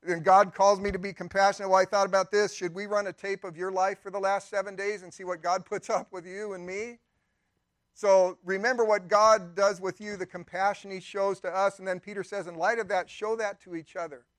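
Older man, pastor, sermon, high voice, dry close sound, conversational, acted-out asides. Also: little pitch movement, a bit bright, no echo. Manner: conversational preaching with asides and quick acted-out quotes. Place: church.

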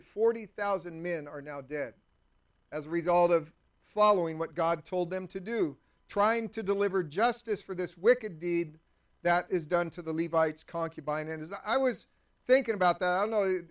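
A male pastor giving a sermon with a fairly high voice. He talks conversationally and keeps turning to the congregation with questions. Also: clear, resonant tone.

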